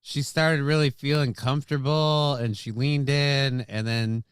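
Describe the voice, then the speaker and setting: A man's voice: medium pitch, unhurried, clear, resonant tone, no room sound, studio quality. A man co-hosting a morning talk show, joking along and riffing on the host's bits. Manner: animated, jokey, plays off the host. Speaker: co-host. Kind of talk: casual morning show banter.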